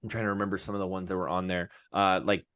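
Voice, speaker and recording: A low-pitched man speaking as a voice-actor guest on a podcast, in a loose, rambling conversational way with frequent restarts. The sound is dry and close, with no room echo. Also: flat delivery, very fast, fairly bright tone, smooth. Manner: rambling with many restarts, breaking into character voices. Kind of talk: casual podcast chat.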